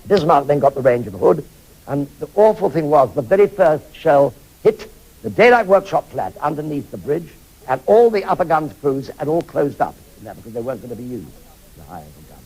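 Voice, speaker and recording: A man's voice: on the high side, big pitch swings, brisk, a little mellow, breathy edge, poor audio. Emphatic older man recounting memories.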